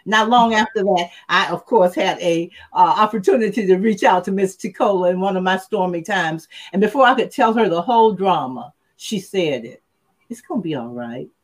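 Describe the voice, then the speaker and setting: A woman's voice: medium pitch, moderate pace, few pauses. Older woman podcast host, earnest. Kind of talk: casual chat.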